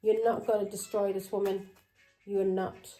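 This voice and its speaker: Woman tarot reader. Mellow voice, accusing and confrontational, punctuates with "Yeah?" over faint music. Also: medium pitch, little pitch movement, normal speed, poor audio. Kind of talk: tarot reading monologue.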